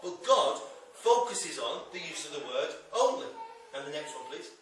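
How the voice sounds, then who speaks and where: A man's voice: fairly high pitch, big pitch swings, normal speed, fairly bright tone. A man preaching a sermon in a church, talking in a wry, conversational way with dry humor. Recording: echoey church hall from a distance.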